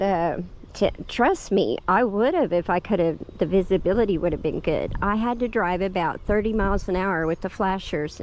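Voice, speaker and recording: A middle-aged woman with a drawl chats to her vlog audience, laughing often and letting her emotions show. Her voice sits in a middle pitch. The recording is dull and lo-fi, with a faint hiss behind her. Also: darkish tone. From Oklahoma. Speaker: homestead vlogger. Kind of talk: casual storytelling vlog. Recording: dull lo-fi with faint background noise.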